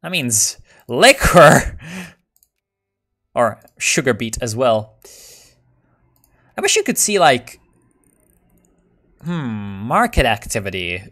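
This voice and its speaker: A man giving casual, joking commentary while playing a strategy game. He rambles excitedly and swears often. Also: mid-range voice, slow, pauses often. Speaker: video game player.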